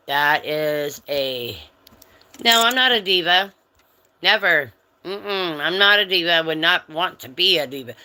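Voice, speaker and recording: A woman's voice: low-pitched, sharp tone. A woman hosting a casual livestream, chatting with viewers and answering their comments in a friendly way, turning firm with rude chatters. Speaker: livestream host.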